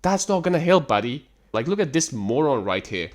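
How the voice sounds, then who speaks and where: A man's voice: mid-range voice, sing-song, moderate pace. A man hosting a reaction commentary, ranting in an exasperated, sarcastic and profane way. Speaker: host reacting to text screenshots.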